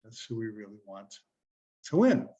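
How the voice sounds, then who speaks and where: A man's voice: lowish voice, wildly swooping pitch, normal speed, warm tone, muffled recording. A man giving an earnest, conversational motivational talk, asking his listeners rhetorical questions. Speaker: self-help speaker.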